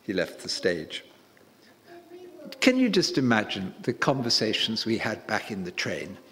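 Male preacher, emphatic and unhurried, pitch rising and falling widely, voice ringing in a reverberant hall. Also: big pitch swings, bright, forceful tone, a little hiss or hum. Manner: emphatic and deliberate, with rising stresses. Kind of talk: sermon.

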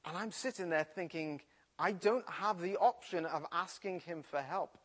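Midlands guy preaching, storytelling style, bit high voice. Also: moderate pace. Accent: English Midlands. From English Midlands. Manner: storytelling, animated retelling. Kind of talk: sermon with personal story.

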